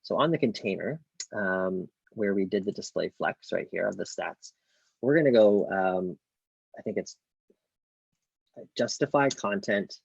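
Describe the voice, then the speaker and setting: Male coding tutor: low, gravelly, husky voice, casual screen-recorded walkthrough full of ums and self-corrections. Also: lively intonation, a little slow, pauses often, no room sound, dull audio. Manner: thinks aloud with many ums, self-corrections. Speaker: coding instructor.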